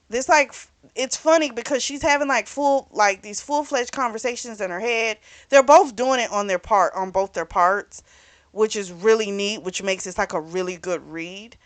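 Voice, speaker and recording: A woman's voice: a little high, unhurried. A young woman giving a casual book review, chatty and often laughing, with little asides as she retells the story.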